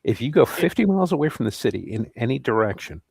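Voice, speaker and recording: A man's voice: medium pitch, very animated, fast, vocal fry, a little mellow, breathy edge, no echo. A man co-hosting a casual chat, opinionated and blunt, with some cursing.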